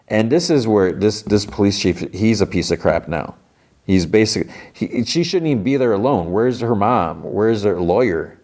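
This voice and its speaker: Deep-voiced man recapping a TV episode. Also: animated, moderate pace, a little mellow. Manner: retells scenes, acting out dialogue. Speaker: podcast host.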